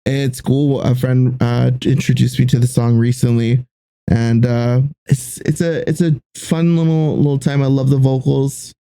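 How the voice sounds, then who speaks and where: Young male co-host, mellow tone, dry close sound, loose candid rambling. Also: medium pitch, fairly even intonation, measured pace, vocal fry, clear, resonant tone, no echo. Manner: candid, rambling with fillers and restarts. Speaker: podcast co-host. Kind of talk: casual podcast chat.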